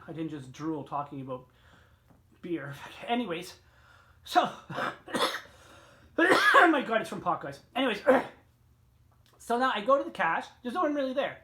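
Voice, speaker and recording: A middle-aged man vlogging a casual, rambling story, swearing often, with sudden jumps in pitch and loudness. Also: very animated, a little slow, pauses often.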